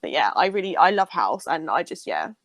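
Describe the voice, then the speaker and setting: A woman's voice: low voice, very animated, brisk, creaky. A woman who works as a nurse, chatting enthusiastically and rambling on a casual podcast. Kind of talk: casual chat.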